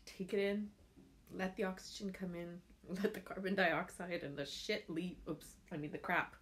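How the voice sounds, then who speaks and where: A woman's voice: lowish voice, fairly even intonation, moderate pace, a bit bright. A woman, chatting casually and heartfelt in a rambling way with lots of fillers. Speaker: vlogger sharing essential oil tips. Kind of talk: casual chat to camera.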